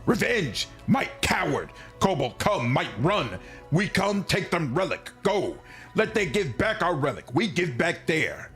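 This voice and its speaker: A man's voice: on the high side, sing-song, unhurried, a bit bright, soft background music, heavily acted. A man voicing a proud small male kobold chief who blusters in broken pidgin speech. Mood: indignant.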